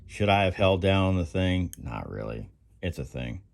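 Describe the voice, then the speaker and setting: A man talks his way through a tool-bench project in a loose, rambling vlog style, laughing often. His pitch swings wildly and jumps into sudden high whoops. He speaks at an unhurried, drawn-out pace. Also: sing-song. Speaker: channel host.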